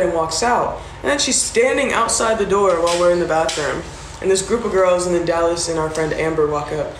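Speaking quickly with few pauses in a fairly low voice, a woman tells a casual story over a phone livestream. She swears freely and mimics the people in the tale, and the recording is roomy with noise in the background.

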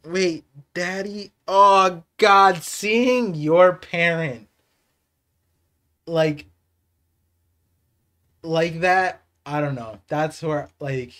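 Excitable man reacting live on stream. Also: fairly high pitch, drawn-out words, long pauses. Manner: excitable, laughing, swings to subdued reflection. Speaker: streamer reacting to a manga chapter.

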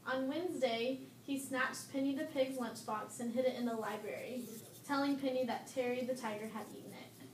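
A woman reads a children's picture story aloud, her voice a little high and steady. The room is echoey, with faint hiss underneath. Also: moderate pace, far from the mic.

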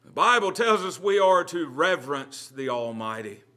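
A man pastor teaching a Bible study in a church, earnest, dropping to a hush and rising again. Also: fairly high pitch, big pitch swings, moderate pace. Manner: earnest preaching, swings from loud to hushed.

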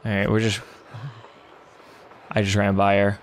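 A young man giving let's play commentary on a horror game, excitable and swearing, yelling in panic when chased. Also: fairly low pitch, measured pace, slight background noise. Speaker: gamer.

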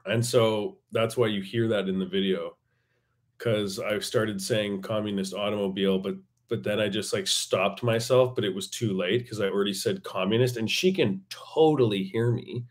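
A man's voice: lowish voice, moderate pace. Albertan dude chatting solo in his bedroom, jokey, keeps restarting sentences. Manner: rambling, jokey, lots of restarts. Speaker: podcast host. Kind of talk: casual solo chat. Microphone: table mic.

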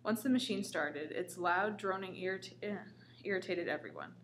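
A woman's voice: on the low side, normal speed, slight background noise. A woman reading a comic story aloud in a casual way, with small stumbles. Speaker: story reader.

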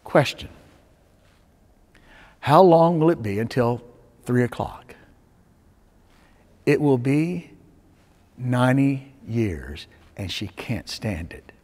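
A male pastor preaching a sermon, telling stories with dramatic swings between loud urging and hushed tones. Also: medium pitch, expressive, takes it slowly, pauses often. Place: church sanctuary. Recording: long reverb of a church sanctuary.

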